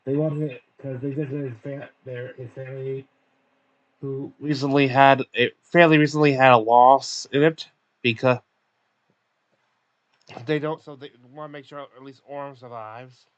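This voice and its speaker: A man's voice: mid-range voice, steady tone, unhurried, no room sound, highs cut off. A man casually recapping a tabletop game session, stumbling over words with many fillers and restarts. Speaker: recap narrator.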